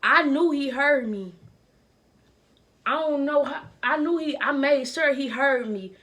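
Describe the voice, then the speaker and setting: A young woman recounts a personal story in a storytime vlog, her voice sitting a little high. She talks earnestly and with open emotion. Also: a little slow, a bit bright. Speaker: vlogger telling a personal story.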